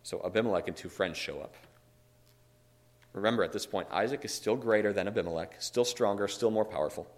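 Low-voiced man teaching scripture. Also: a little fast. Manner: reads scripture aloud and explains it with emphatic asides. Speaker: Bible study teacher. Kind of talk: conversational Bible teaching.

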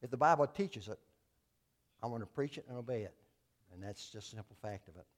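A man preaching a sermon as a Baptist pastor, his voice sitting in an ordinary middle range. He talks in a folksy, plain-spoken way. He swings from loud, emphatic declarations down to quiet asides. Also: mid-range voice, lively intonation, a little fast. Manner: folksy, telling jokes and acting out voices.

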